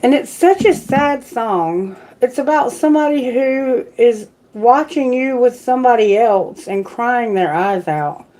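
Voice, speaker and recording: A woman tarot reader talking casually to her live-stream viewers, unhurried and with fillers. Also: on the high side, animated, warm tone, slight background noise, rough recording. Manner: slow, unhurried talk with fillers.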